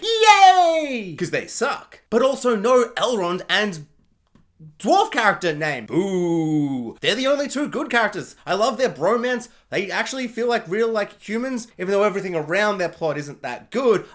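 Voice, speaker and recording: Sarcastic fast-ranting show reviewer. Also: medium pitch. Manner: sarcastic, animated, full of mock quotes. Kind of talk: casual rant review.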